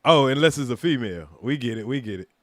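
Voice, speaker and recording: A man's voice: mid-range voice, animated, quick pace, background noise. A man hosting a commentary show who breaks in with wry remarks about the story. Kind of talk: casual commentary.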